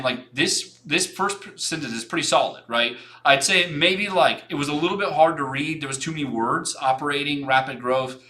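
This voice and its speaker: A man's voice: fairly high pitch, pushed and bright. A young man hosting a design livestream, giving frank, rambling portfolio feedback with many restarts and some casual swearing.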